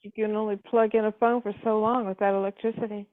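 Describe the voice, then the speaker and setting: A woman's voice: medium pitch, level tone, fast, dry recording. An older woman from California calling in by landline, rambling with many ums and uhs. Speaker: caller. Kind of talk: casual phone call. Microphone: landline phone. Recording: tinny landline phone call.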